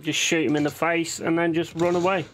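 A man's voice: on the high side, level tone, brisk, fairly bright tone, slight background noise. A man hosting his own gaming channel, chatting casually and swearing freely as he plays. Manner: chatty, sweary, laughs easily. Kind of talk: casual gameplay commentary.

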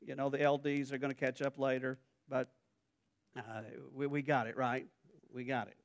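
A middle-aged man from Southern Arkansas with a Southern accent, preaching a sermon in a conversational way that builds to loud, emphatic passages. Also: mid-range voice, flat delivery, moderate pace. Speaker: pastor.

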